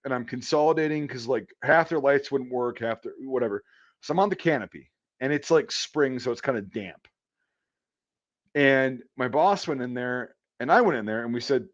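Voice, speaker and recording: A man's voice: medium pitch, normal speed, muffled recording. A man who works as an electrician, telling a rambling work story in casual chat, swearing often and stumbling over fillers. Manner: profane, rambling, full of fillers.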